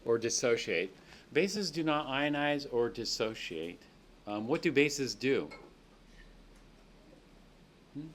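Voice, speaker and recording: A man's voice: medium pitch, animated, slow, pauses often, a little hiss or hum. A man teaching a chemistry class, explaining reactions step by step and checking in with students. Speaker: chemistry lecturer. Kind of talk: classroom lecture. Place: lecture classroom.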